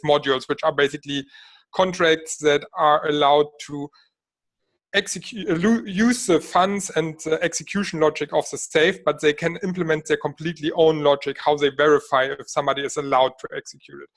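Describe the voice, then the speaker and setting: A man on a video call working through a technical point, thinking aloud and often checking with "right?". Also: on the high side. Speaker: developer on a community call. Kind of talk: technical discussion.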